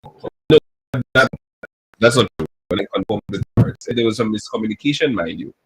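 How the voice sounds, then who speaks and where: A man's voice: on the low side, lively intonation, brisk, breathy edge, low-quality recording. A man, a government official speaking as a guest on a radio talk show, earnest and explaining at length with many restarts.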